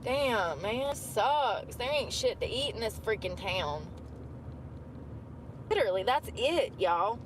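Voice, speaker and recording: Brief: woman vlogger, fairly high voice, loose and profane, clear road noise under her. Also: expressive, takes it slowly. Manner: profane, chatty, drawling asides. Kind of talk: rambling casual rant. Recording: clip with traffic and outdoor noise.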